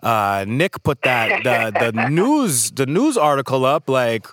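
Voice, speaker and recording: A man's voice: medium pitch, big pitch swings, takes it slowly, fairly bright tone, no room sound, clean studio sound. A man hosting a podcast, talking in a loose, rambling way with many fillers. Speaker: podcast host. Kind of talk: casual chat.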